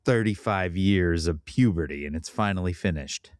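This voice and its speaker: Man with a cold, deep resonant baritone. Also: moderate pace, dry recording. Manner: playful, jokey delivery. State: has a cold. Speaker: podcast co-host. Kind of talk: casual podcast chat and sponsor read.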